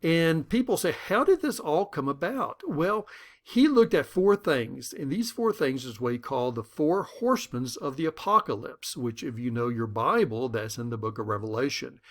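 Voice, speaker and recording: A man's voice: medium pitch, moderate pace. A man lecturing on conflict management, telling personal stories and acting out the dialogue in them. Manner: animated storytelling that acts out dialogue.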